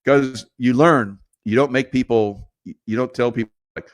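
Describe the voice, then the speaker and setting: A man's voice: on the low side, a little fast, no room sound, clean studio sound. A middle-aged man hosting a show, telling rambling stories in a casual, conspiratorial monologue and laughing between points. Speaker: show host.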